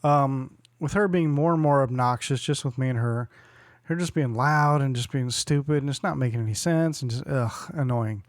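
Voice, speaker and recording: A man's voice: medium pitch, moderate pace, no echo, studio quality. A man in his forties co-hosting a podcast, telling a story in casual chat, acting out other people's lines and laughing often. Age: 40s. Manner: animated storyteller who acts out quotes and laughs often. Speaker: podcast co-host.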